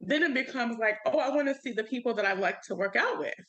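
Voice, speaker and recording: Young woman, podcast co-host, higher pitch, crisp forceful tone, emphatic slang. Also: lively intonation, fast, dull audio. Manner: earnest and emphatic, with casual slang. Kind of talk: casual chat.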